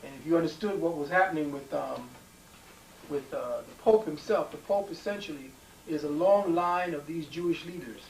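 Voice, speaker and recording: A man with a fairly high voice lectures to a live crowd, emphatic and prone to wandering off and restarting his sentences. He is picked up from a distance in a reverberant room with a faint hiss underneath. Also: normal speed. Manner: emphatic and digressive, with frequent restarts and fillers.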